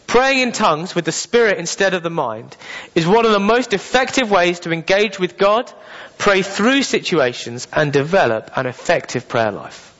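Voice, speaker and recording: A man preaching with a slightly worn voice, talking to his congregation in a relaxed, explaining way. His voice sits a bit high for a man and carries a long reverb tail through a church hall. The recording is dull and lo-fi. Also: moderate pace. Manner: conversational preaching with asides and repetition. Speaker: pastor. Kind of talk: sermon.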